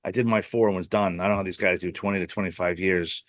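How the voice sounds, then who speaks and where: A man's voice: low voice, steady tone, fast, no echo. A man from Boston hosting a podcast, telling stories in a rambling casual way with many fillers and restarts. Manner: rambling storyteller, heavy "you know" fillers and self-restarts. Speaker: podcast host. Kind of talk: casual interview chat.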